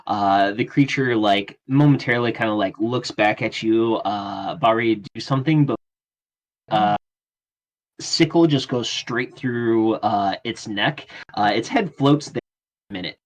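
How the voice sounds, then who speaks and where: A man running a tabletop game as game master, narrating casually and often pausing on fillers. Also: lowish voice, low-quality recording. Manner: casual, halting, many fillers.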